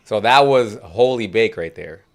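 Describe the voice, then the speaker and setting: Excitable man hosting a podcast. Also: fairly low pitch, normal speed. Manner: excitable, exclaims and laughs often. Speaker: podcast host. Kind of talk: casual group chat on a call.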